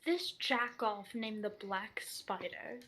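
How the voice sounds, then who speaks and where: A woman's voice: mid-range voice, expressive, slow, pushed and bright. A woman voicing her character in a tabletop game, blunt and dry. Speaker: player. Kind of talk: in-character tabletop role-play.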